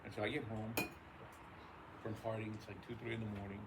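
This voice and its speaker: A man co-hosting a podcast, telling a profane, animated story in casual chat. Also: lowish voice, fast talker, very noisy. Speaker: podcast co-host.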